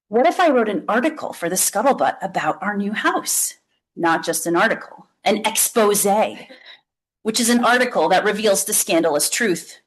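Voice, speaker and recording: Woman reading a kids book out loud, lively expressive. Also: on the high side, poor audio. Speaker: author reading. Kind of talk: reading a children's book aloud.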